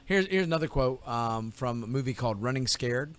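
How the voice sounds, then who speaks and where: A man's voice: medium pitch, expressive, a little fast. A man co-hosting a podcast, chatting casually and acting out movie quotes in raised voices. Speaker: podcast co-host. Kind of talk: casual chat quoting movie lines.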